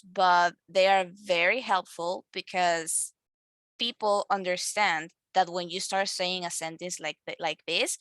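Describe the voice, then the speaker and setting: A woman's voice: mid-range voice, pushed and bright, no room sound. A woman teaching an English grammar lesson, explaining patiently with fillers and self-corrections.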